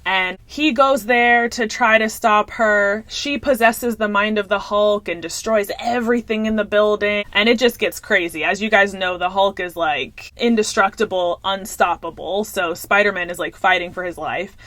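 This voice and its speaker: Young woman, vlog movie recap, chatty and animated, mid pitch, dry close sound. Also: moderate pace, hardly any pauses, no room sound. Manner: chatty, animated, addresses viewers as y'all. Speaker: movie reviewer.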